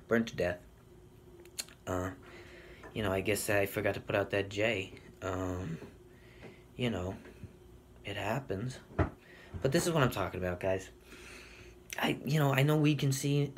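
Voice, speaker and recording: A young man telling a rambling, deadpan comic story in a casual way, full of fillers and swearing. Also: on the low side, slight background noise. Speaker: comedic storyteller. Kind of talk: deadpan comedic monologue.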